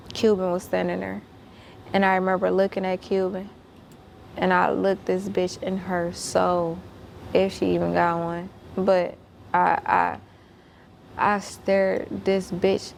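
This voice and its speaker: Profane woman with a gravelly voice. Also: on the low side, flat delivery, slow pace, pauses often, a little hiss or hum. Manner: blunt, profane and emphatic; repeats and restarts when worked up. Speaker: guest. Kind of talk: storytelling.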